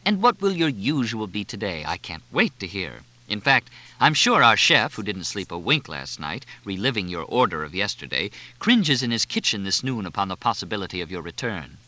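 A man's voice: on the low side, very animated, bright, forceful tone. A man doing a haughty, sarcastic waiter. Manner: drawn-out, arch, mock-formal.

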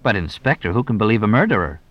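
A man voicing a quick-witted, evasive young man who answers briskly and glibly. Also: fairly low pitch, big pitch swings, dry recording, muffled recording. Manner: brisk, glib, deflecting.

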